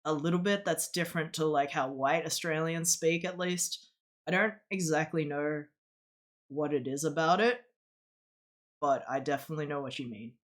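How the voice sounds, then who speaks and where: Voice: medium pitch, normal speed. A streamer chatting casually and rambling, with many fillers and restarts. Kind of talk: casual chat on a live stream.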